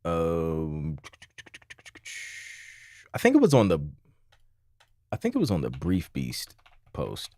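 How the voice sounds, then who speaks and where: A man's voice: sits low, huge pitch swings, slow pace, long pauses, warm tone, dry recording. A man hosting a livestream, chatting casually and telling a rambling story with frequent laughs and repeated phrases. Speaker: livestream host.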